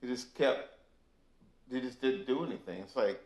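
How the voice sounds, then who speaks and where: A man in an interview telling stories from touring, animated and full of fillers. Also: mid-range voice, moderate pace, pauses often. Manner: animated storyteller, many fillers. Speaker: guest musician. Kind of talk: casual storytelling interview. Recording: echoey room.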